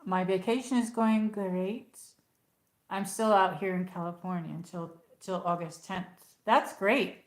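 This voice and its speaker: A woman's voice: mid-range voice, steady tone, measured pace. A woman chats on a livestream from home, rambling from one thought to the next and greeting viewers by name. Her voice sits in a middle range. The room has a noticeable echo around her. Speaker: livestream host. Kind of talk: casual livestream chat. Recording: echoey room.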